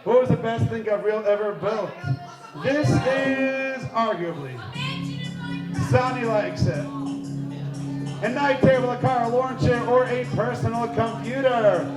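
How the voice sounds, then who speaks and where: A man hosting a live quiz game at a party, energetic and playful, shouting out countdowns to the crowd. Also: very high voice, normal speed. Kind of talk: lively live event hosting. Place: large indoor party hall. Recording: echoey hall with music and crowd.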